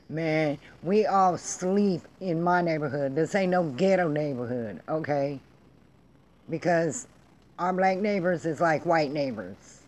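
A middle-aged woman hosting her own vlog, delivering a blunt, profane, emphatic rant in casual talk. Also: sits low. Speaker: vlog host. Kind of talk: casual ranting monologue.

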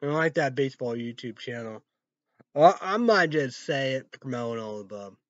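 A man rants on his own channel, cursing and jumping from one thought to the next. He lurches between loud outbursts and low mutters in a middle-pitched voice. The audio is muffled and lo-fi, with a dry, close sound. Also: lively intonation, moderate pace, no room sound. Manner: profane, rambling, swings between loud outbursts and low mumbling. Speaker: vlogger. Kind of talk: rambling solo rant.

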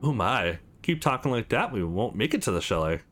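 A man voicing a sly middle-aged woman in a visual novel, coolly dismissive and teasing, read in his own low-key voice. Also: very animated, brisk, a bit bright, slight background noise. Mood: flirtatious.

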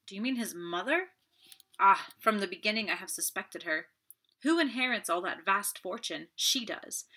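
A woman's voice: on the low side, bright, forceful tone. A woman voicing a distraught young Frenchwoman who pleads with emotion in an audiobook reading.

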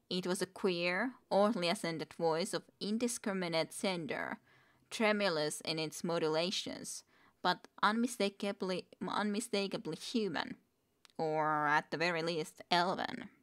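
A woman's voice: fairly low pitch, fairly bright tone. A woman streamer reading a book aloud, with wry, chatty asides.

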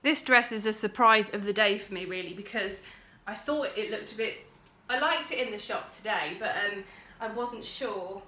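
Speaking at a moderate pace with few pauses, a young woman has a medium-pitched, sharp-toned voice. She's a vlogger in a casual chat upstairs at home, eagerly showing her finds and rambling a little.

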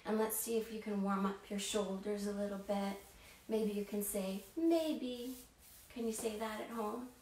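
A woman storyteller running an interactive children's show, playful and animated, talking straight to the children watching. Her voice is picked up a bit away from the mic in an echoey room. A faint hiss sits behind it. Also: medium pitch, normal speed, far from the mic. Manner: animated, playful, talks straight to young viewers.

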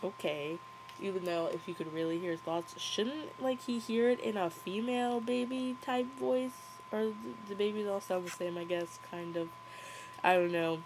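A woman's voice: fairly low pitch, background noise. Young adult woman, sarcastic and giggly, casual running movie commentary.

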